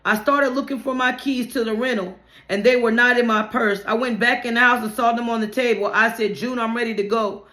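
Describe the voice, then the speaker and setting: A woman's voice: on the high side, fairly even intonation, a little fast, pushed and bright. A woman reading her own memoir aloud in a plain conversational way, with some restarts and slips. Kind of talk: memoir narration, read aloud. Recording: roomy, echoey room.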